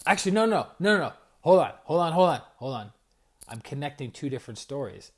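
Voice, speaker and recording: A man in his forties hosting a casual evening livestream as a spiritual coach, telling stories in a rambling, lively way and greeting viewers by name. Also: fairly high pitch, fast, slightly rough. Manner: animated storyteller, rambling with restarts and viewer shout-outs. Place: home at night.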